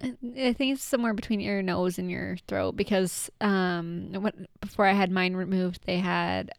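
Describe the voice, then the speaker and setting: A woman's voice: medium pitch, steady tone, moderate pace, vocal fry, no room sound, clean studio sound. A young woman co-hosting a casual podcast chat, teasing and giggling. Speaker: podcast co-host.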